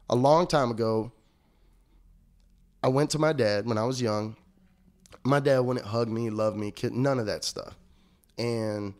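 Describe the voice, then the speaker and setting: A young man talks through a personal story as an interview guest, casual and profane. He acts out both sides of old conversations with lively, animated delivery. His voice sits at a middle pitch.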